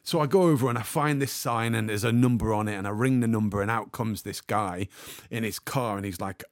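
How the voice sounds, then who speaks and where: A man telling a comic anecdote as a podcast guest, acting out the people in his story with lively energy. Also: lowish voice, brisk, dry recording, studio quality. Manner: animated storyteller, acts out the other people in the story.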